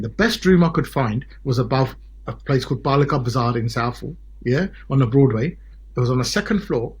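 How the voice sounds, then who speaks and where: A man in his forties from Britain, a solicitor telling his story as a podcast guest in an animated way, often checking in with "yeah?" and "right?". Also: mid-range voice, husky. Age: 40s. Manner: animated, peppered with tag questions like "yeah?" and "right?". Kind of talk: casual podcast interview storytelling.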